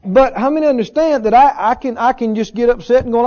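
A man with a high, mellow voice preaches an earnest teaching sermon to his church congregation, moving fast with few pauses. He relies on repetition and rhetorical questions, and the recording sounds dull and lo-fi.

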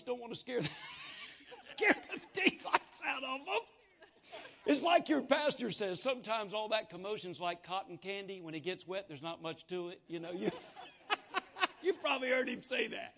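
High-voiced folksy preacher man. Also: normal speed, long pauses. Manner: folksy, animated testimony with acted-out dialogue. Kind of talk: sermon storytelling. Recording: dull lo-fi sound.

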